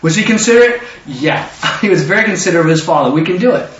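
A man preaching a lively sermon with call-and-response, acting out quotes in different voices. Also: fairly high pitch, quick pace, noisy background. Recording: echoey room, distant mic, dull sound.

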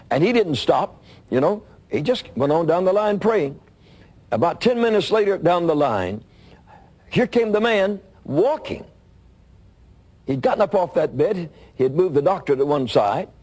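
A husky male preacher tells a sermon story with a lively, swinging pitch. His voice jumps up when he acts out what people said. He talks in the steady rhythm of a sermon. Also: measured pace. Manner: animated storytelling, voice climbing high for quoted lines.

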